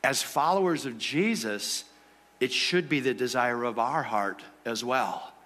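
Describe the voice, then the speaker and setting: A man's voice: mid-range voice, measured pace, fairly bright tone, in a large hall. A man preaching a sermon in a church, conversational and asking the congregation rhetorical questions. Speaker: pastor.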